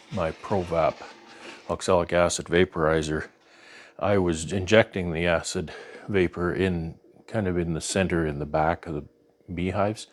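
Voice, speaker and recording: This man's deep, Canadian-accented voice narrates a beekeeping vlog as a casual show-and-tell. He rambles easily, with plenty of fillers and false starts, over slight background noise.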